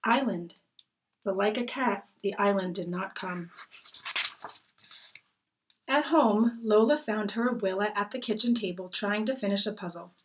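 A woman reading a children's picture book aloud in a gentle, expressive storytelling manner. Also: medium pitch, normal speed, long pauses. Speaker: storybook reader.

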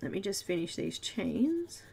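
A chatty Australian woman hosts a live colouring session, talking casually to viewers while she works. Her voice sits at an ordinary middle pitch, and she giggles often. There is a faint hiss behind her. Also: very animated, a little slow, creaky, darkish tone. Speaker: host of a live colouring stream. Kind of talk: casual live tutorial chat.

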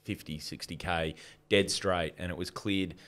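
A man's voice: low voice, steady tone, unhurried, a bit bright. A middle-aged man with an Australian accent, telling rambling anecdotes as a podcast guest and laughing often. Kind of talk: casual storytelling chat.

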